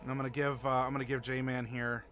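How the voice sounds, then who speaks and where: Game master, male, talkative and halting, crisp bright tone, a little room noise. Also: mid-range voice, level tone. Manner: chatty, halting, many fillers, laughs easily. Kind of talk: narrating a streamed tabletop game.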